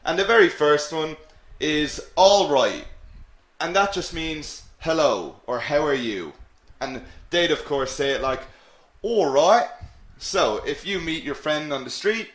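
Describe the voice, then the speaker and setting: A man's voice: a little high, fairly bright tone, roomy sound. An Irish man teaching English in a live webinar, upbeat and encouraging, repeating key phrases. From Ireland.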